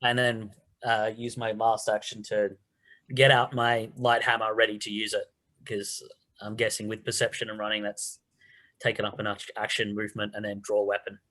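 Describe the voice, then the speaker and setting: A man playing a tabletop game, talking quickly and eagerly about his moves. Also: fairly low pitch, flat delivery, sharp tone, low-quality recording. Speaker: player. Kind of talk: casual tabletop play.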